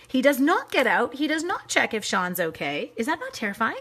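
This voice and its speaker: This middle-aged livestreamer crafts cards at home and chats with viewers, addressing them by name. Her high voice swings widely in pitch, and she talks briskly with a slightly rough, somewhat bright sound.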